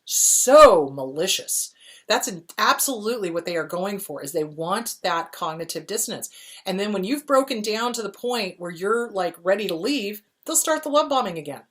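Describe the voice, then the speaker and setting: Blunt, emphatic woman therapist answering questions. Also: medium pitch. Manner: emphatic and blunt, repeats key phrases, calls the listener honey. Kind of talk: answering viewer questions, casual advice.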